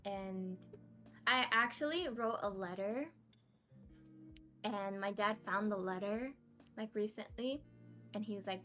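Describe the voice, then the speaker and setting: A woman's voice: mid-range voice, slow, pauses often, pushed and bright, faint music behind. A young woman from the United States, a podcast guest chatting casually about her life, laughing often and poking fun at herself. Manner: giggly, laughs often, self-mocking. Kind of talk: casual interview chat.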